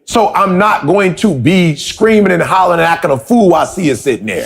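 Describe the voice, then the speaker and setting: A man's voice: sits high, lively intonation, a little fast, creaky, hardly any pauses. A man hosting a motivational conversation, telling stories with emphatic repeated questions. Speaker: podcast host.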